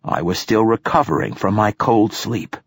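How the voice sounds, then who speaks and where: A man voicing a very old, profane poet with a voice harsh and raspy with age, blunt and forceful. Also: on the low side, lively intonation, normal speed. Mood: gruff. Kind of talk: audiobook dialogue.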